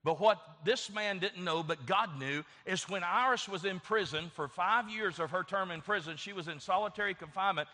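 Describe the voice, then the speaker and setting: A man's voice: high-pitched, normal speed, few pauses, pushed and bright. A man preaching a sermon, telling a story with fervent, emphatic delivery and acted-out dialogue. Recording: long reverb of a large hall.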